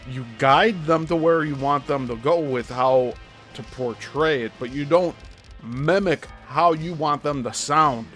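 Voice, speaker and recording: A man's voice: a little high, a little slow, fairly bright tone, soft background music. A male host giving critical commentary on a played clip, explaining his points step by step.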